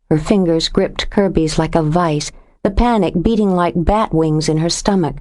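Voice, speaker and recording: A woman narrating a suspense audiobook in a steady, measured reading voice. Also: low voice. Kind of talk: scripted narration.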